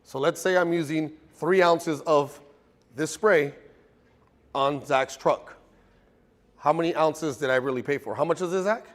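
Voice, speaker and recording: A man's voice: a little high, a little slow, pauses often, in a large hall. A man teaching a car detailing class to a live group in a casual, joking, storytelling way.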